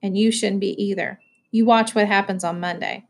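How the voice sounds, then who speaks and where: A calm, fearless teenage boy from a farm crew, as a woman reading aloud puts him on, speaking plainly and matter-of-factly. His voice sits slightly lower and quieter than the narration. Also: moderate pace, gravelly.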